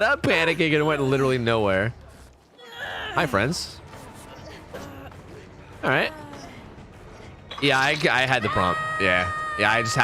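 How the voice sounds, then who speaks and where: A young man giving casual, jokey commentary while streaming a horror game, chatting and breaking into sudden high exclamations. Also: background noise.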